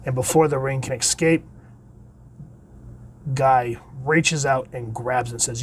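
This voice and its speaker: A man hosting a casual solo comic book review. He reads the comic's dialogue aloud with enthusiasm, and his voice often trails off quietly at the end of phrases. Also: mid-range voice, slow, pauses often, a little hiss or hum.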